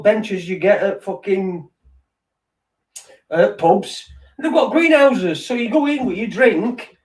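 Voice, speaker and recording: A middle-aged man hosts a loose late-night chat, rambling and cursing with a wry edge. His voice sits fairly high for a man. He is picked up from some distance off the mic. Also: a little mellow. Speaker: podcast host.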